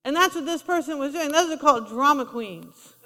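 A woman's voice: high-pitched, lively intonation, fairly quick, pushed and bright. A woman preaching a sermon in a conversational style, acting out quotes as she goes. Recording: long reverb of a large hall.

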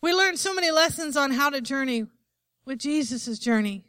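Female preacher, very high forceful voice, emphatic sermon delivery, call-and-response. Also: expressive, normal speed, no echo. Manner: emphatic, asks the congregation for "Amen?".

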